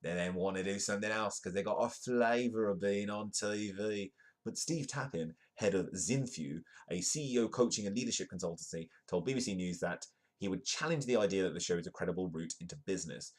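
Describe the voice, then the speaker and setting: A man's voice: sits low, brisk. A British man hosting a live-streamed comedy news show, reading stories aloud with joking asides. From United Kingdom. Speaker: host.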